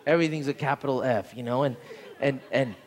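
A man's voice: medium pitch, a little fast, in a large hall. A man pastor preaching a sermon, telling a story earnestly and often repeating words, in a church sanctuary.

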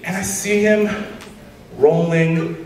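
A man's voice: high-pitched, expressive, moderate pace, roomy sound, far from the mic, crowd noise, low-quality recording. A man in his twenties telling a rambling stand-up story on a comedy stage, laughing at his own jokes.

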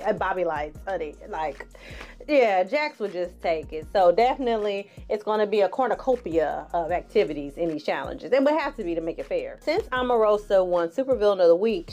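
Woman, 40s, online TV reviewer; sassy, lively recap talk, mid-range voice, faint music underneath. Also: medium pitch, muffled recording. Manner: sassy and animated, calls viewers honey, laughs often. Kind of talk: casual reality show recap.

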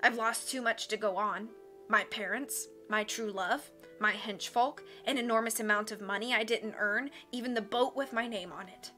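A woman voicing a dying villainous man with a wheezy, rough, hoarse voice, bitter and theatrical, over faint music. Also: a little high, moderate pace, sharp tone. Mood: snarling, bitter.

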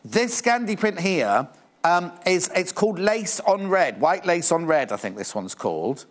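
A man's voice: high voice, sing-song, unhurried. A middle-aged man presenting on a live shopping channel, chatting playfully with many stumbling restarts. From England. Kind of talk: live TV sales chat.

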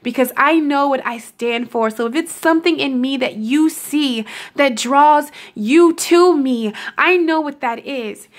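A woman's voice: sits high, a bit bright. A young woman giving a casual, affectionate motivational talk to her viewers, calling them honey and laughing often. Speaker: self-love vlogger.

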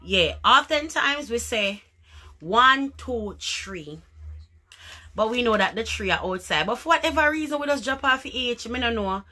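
A Jamaican woman talking casually to her viewers, her voice bright and a touch higher than most. She chats along easily, dropping patois phrases into her talk. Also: lively intonation, a little fast, few pauses. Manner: chatty, slips into patois phrases. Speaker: vlogger. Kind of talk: casual chat to camera.

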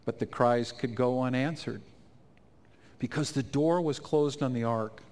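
A man telling an emotional personal testimony in a sermon at a conference, his voice climbing high and loud at the peaks. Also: measured pace. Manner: emotional storytelling, rising to near-shouts at climaxes. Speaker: conference speaker. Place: conference stage.

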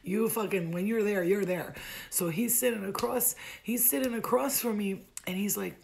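A young American woman telling a funny travel story to camera, animated and profane, laughing often. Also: medium pitch, normal speed, vocal fry. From United States. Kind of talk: storytime vlog.

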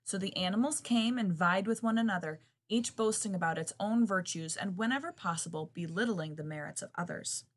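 A woman reading a children's picture book aloud in an expressive, lively way. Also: mid-range voice, brisk, few pauses.

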